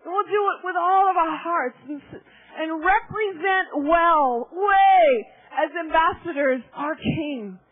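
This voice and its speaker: A woman preaching ecstatically at a church meeting, shouting exclamations and breaking into laughter and tears as she speaks. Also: very high voice, slow pace. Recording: tinny phone-like live recording.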